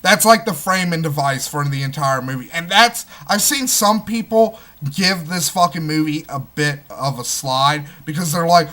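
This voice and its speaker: A young man reviewing a film in an unscripted, heated rant full of swearing. He drops to mutters, then bursts out loud. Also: on the high side, normal speed, few pauses. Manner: profane, heated ranting with constant swearing; swings between muttering asides and loud outbursts. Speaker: movie reviewer.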